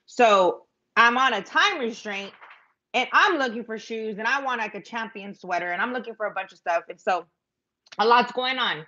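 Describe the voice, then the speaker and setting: A woman's voice: on the high side, animated, moderate pace, pushed and bright, muffled recording. A middle-aged woman rambling through a story on a live stream, chatty and self-mocking, with lots of fillers. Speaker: vlogger telling a story.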